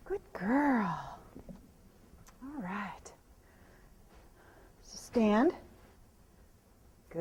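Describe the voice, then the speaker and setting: A woman horse trainer explaining groundwork while working a horse, softly praising the animal between instructions. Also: fairly high pitch, sing-song, takes it slowly, pauses often, noisy background.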